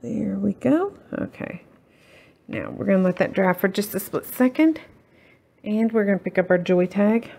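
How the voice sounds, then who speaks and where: Chatty woman with a gravelly edge. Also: medium pitch, animated, moderate pace, dark tone. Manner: rambling, self-deprecating, talks while working. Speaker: crafting tutorial host. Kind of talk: casual chatty crafting tutorial.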